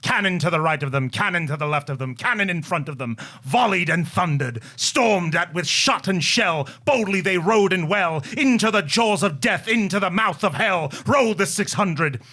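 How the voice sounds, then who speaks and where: A man co-hosting a casual history podcast, explaining events in quick bursts. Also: high voice, lively intonation. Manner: explains events quickly, then recites a poem loudly. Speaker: podcast co-host.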